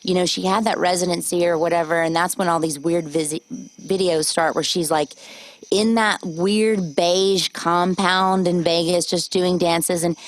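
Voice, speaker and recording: Woman, lowish voice, podcast host, casual chat, animated, swears. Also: moderate pace, poor audio. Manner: chatty, swearing, animated storytelling.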